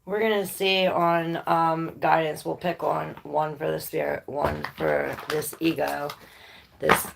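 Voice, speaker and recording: A woman in the middle of a loose, rambling tarot reading, thinking out loud as she goes. Her voice is low, thick with gravelly fry, and she takes her time over every phrase. A faint hiss sits under the recording. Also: flat delivery, slow pace. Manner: rambling, thinking aloud, laughs and swears casually. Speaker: tarot reader.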